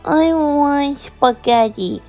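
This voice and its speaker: Woman voicing a tiny shrill boy, excitable and demanding, storybook kid part. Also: drawn-out words, soft background music, full character voice. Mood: whiny. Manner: squealing, chanting words over and over. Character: excitable demanding three-year-old boy.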